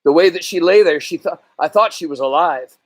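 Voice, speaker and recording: A man reading a novel aloud in a slow, earnest storytelling manner. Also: a little high, dry recording. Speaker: reader.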